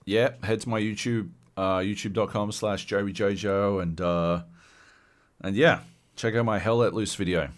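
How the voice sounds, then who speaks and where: A man's voice: fairly low pitch, moderate pace. A man co-hosting a casual podcast, ranting loosely and swearing a lot. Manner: profane, animated ranting. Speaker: podcast co-host.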